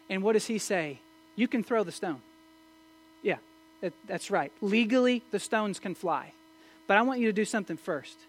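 A man preaching a sermon, swinging from loud emphatic questions to low, quiet asides. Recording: mains hum in the background.

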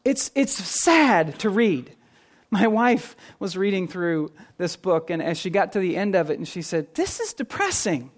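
A pastor preaching a sermon in an earnest, animated way, moving between soft, low passages and emphatic, lifted ones. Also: male voice, unhurried.

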